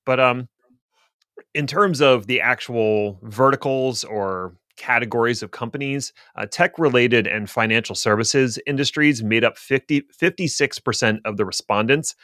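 A man's voice: mid-range voice, measured pace, bright, forceful tone, no room sound. A man co-hosting a casual tech podcast, explaining things at length with dry, self-deprecating humor. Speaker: podcast co-host.

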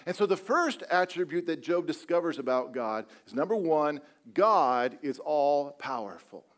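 A man preaching a conversational sermon, asking repeated rhetorical questions and slowing down on key words before speeding up again. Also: on the high side, lively intonation, a bit bright. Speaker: pastor.

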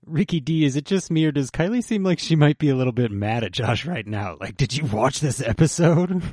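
A man's voice: fairly high pitch, expressive, normal speed, darkish tone, dry recording, clean studio sound. A man hosting a casual anime podcast, teasing his co-hosts and joking around with plenty of fillers. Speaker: podcast host.

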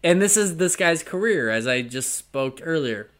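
A man's voice: on the high side, animated, moderate pace, fairly bright tone. A man co-hosting a podcast, chatting casually and joking, laughing often and slipping into silly voices. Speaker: podcast co-host. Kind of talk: casual chat.

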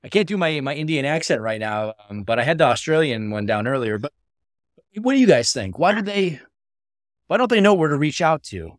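A man co-hosts a casual podcast, speaking hesitantly and filling pauses with lots of "uh"s. His voice sits at a middle pitch and sounds dry and close to the mic. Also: big pitch swings. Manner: hesitant, trails off and echoes others. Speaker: podcast co-host.

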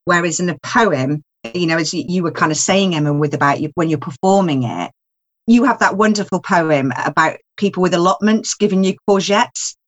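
A woman writer, guest in a casual discussion, thinks aloud reflectively with lots of asides and frequent "you know." Her voice is lowish and fairly quick.

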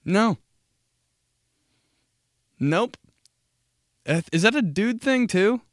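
A man's voice: sits high, lively intonation, very slow, no room sound, clean studio sound. A man in his twenties hosting a podcast, riffing in a casual comedic monologue, swearing freely and laughing at his own jokes. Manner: profane, laughs at his own jokes, jumps into mocking voices. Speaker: podcast host.

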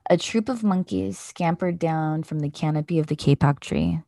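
A woman podcast host reading a children's picture book aloud in a gentle, measured way. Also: deep voice.

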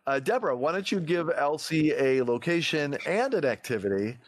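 A man's voice: on the high side, lively intonation, dry recording. A man hosting an improv game, chatty and encouraging, with lots of fillers. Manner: chatty, quick with thanks, many fillers. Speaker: host.

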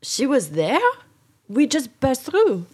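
A woman's voice: high-pitched, sing-song, a little mellow, slightly rough, exaggerated voice. Woman playing an earnest gnome necromancer. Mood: hesitant. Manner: earnest, halting, apologetic. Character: apologetic gnome necromancer returning home.

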